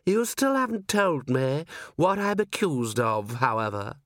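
A man voicing a sly, unruffled male vampire nobleman in mock-polite, drawn-out tones. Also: on the high side, very animated, fairly bright tone, no echo, clean studio sound, voice pushed up. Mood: unruffled evasive. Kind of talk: audiobook character voice.

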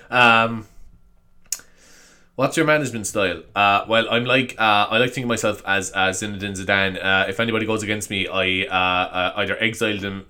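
A man's voice: lowish voice, sharp tone. A young man hosting a solo comedy podcast, rambling and swearing with self-mocking humor. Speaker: podcast host.

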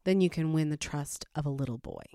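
A woman's voice: low voice, fairly quick, warm tone, dry recording, studio quality, voice pushed down, natural voice. Woman quoting a wise old village woman. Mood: knowing.

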